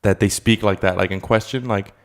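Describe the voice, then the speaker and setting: A man's voice: on the low side, fairly even intonation, a little fast. A man co-hosting a casual podcast, telling loose, profane stories and slipping into mock voices. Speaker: podcast co-host. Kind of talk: casual chat.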